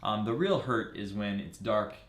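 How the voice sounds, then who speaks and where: A man's voice: fairly low pitch, expressive, normal speed. A man co-hosting a live running show, chatting casually and listing upcoming races. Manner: chatty, lists race facts from notes. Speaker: co-host. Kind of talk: casual live-stream chat. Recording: roomy echo.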